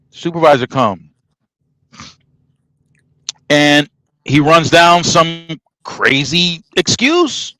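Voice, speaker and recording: A man's voice: a little high, huge pitch swings, very slow, long pauses, pushed and bright, no room sound, rough recording. A middle-aged man casually telling a story, emphatic and acting out the dialogue as he goes. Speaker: podcast host telling a trucking story.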